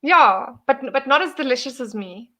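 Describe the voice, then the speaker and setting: Bright, teasing woman. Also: high voice, animated, moderate pace. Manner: giggly, teasing, laughs often. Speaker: streamer host. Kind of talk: casual chat on a livestream.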